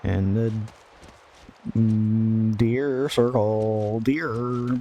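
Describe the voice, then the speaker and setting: A man's voice: medium pitch, animated, measured pace, long pauses, darkish tone, highs cut off, slight background noise. A man hosting a gaming podcast, giving rambling casual commentary over gameplay with absurd jokes, frequent laughter and muttered asides at the game.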